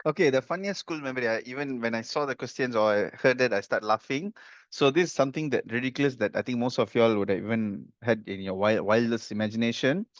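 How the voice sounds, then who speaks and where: A man's voice: medium pitch, quick pace, no echo. A man tells a story in a rambling way, full of fillers and corrections. His voice sits in the middle range. The sound is dull and dry. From Malaysia. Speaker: club speaker. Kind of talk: impromptu speech.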